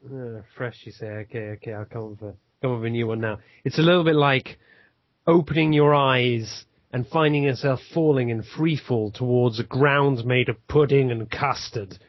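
A man's voice: medium pitch, normal speed, dry recording. A man co-hosting a podcast, telling a story in a rambling, self-deprecating way. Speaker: podcast co-host. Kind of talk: casual podcast chat. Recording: dry, dull lo-fi sound.

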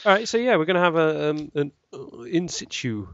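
A man's voice: fairly high pitch, sing-song, brisk, a bit bright, no echo, highs cut off. A man hosting a podcast, chatting casually, joking at his own expense and laughing often. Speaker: podcast host. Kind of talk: casual chat.

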